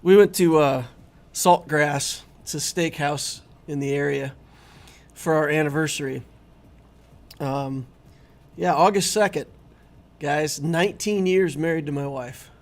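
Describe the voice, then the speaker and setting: A middle-aged man hosting a gaming channel chats casually and easily with his viewers while streaming. His voice sits on the high side and moves a little slowly, and his manner is chatty and easygoing throughout this live-stream commentary.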